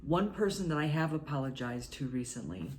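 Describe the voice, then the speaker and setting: A woman vlogger speaking in short, halting, earnest phrases in a confessional talk to camera. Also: low-pitched, very animated, darkish tone, a little hiss or hum.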